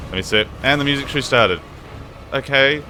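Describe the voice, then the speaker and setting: A young man with a mid-range voice streams a game at a moderate pace, music playing behind him. He sounds tired as he rambles to his viewers, swearing a lot and tossing chatty asides to chat in a casual gaming stream.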